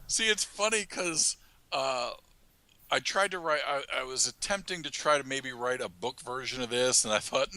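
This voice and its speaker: A man who writes an audio drama, chatting on a podcast in a halting, self-mocking way and laughing often mid-sentence. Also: medium pitch, pushed and bright, no room sound. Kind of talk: casual podcast chat.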